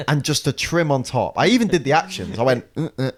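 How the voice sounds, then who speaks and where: A young man, a podcast co-host who tells an animated, self-mocking story with lots of swearing. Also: medium pitch, moderate pace. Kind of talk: casual chat, storytelling.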